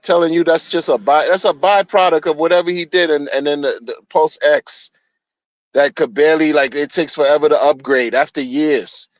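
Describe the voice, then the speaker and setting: A man's voice: a little high, moderate pace, no room sound, rough recording. A man streaming a heated solo rant, agitated and profane, often repeating himself.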